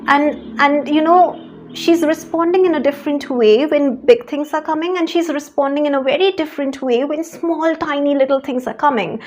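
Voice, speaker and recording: A woman's voice: high-pitched, moderate pace, a little mellow. A woman telling a personal faith story in an earnest, searching way, often repeating words as she goes. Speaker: faith vlogger.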